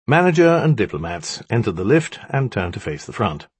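A man's voice: fairly low pitch, sing-song, brisk, a little mellow, husky, no echo. A man narrating a story in a wry, dramatic storytelling manner. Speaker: audiobook narrator. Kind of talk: scripted narration.

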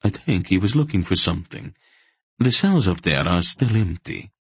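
A man voicing a sly, wiry little man with a sharp nose, speaking quiet, clipped and watchful. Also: sits low, expressive, normal speed, slightly rough, no room sound, exaggerated voice. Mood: hushed, curt.

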